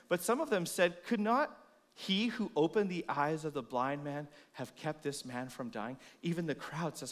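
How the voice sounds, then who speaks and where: A man preaching a sermon in a church, expressive, moving between loud emphasis and soft, hushed lines. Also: on the high side, moderate pace. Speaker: pastor.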